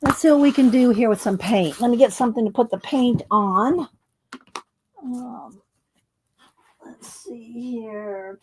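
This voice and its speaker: A woman's voice: on the high side, measured pace, pauses often, darkish tone, slight background noise. A woman hosting a casual crafting livestream, chatting with viewers by name as she works. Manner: chatty, many fillers and restarts, talks to viewers by name.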